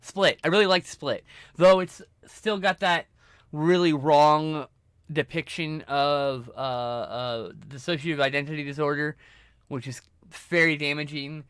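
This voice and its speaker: A man's voice: fairly high pitch, fairly even intonation, unhurried, fairly bright tone, clear, resonant tone, no room sound, studio quality. A man streaming live, ranting casually and profanely about movies while working through his film collection. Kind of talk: casual livestream rant.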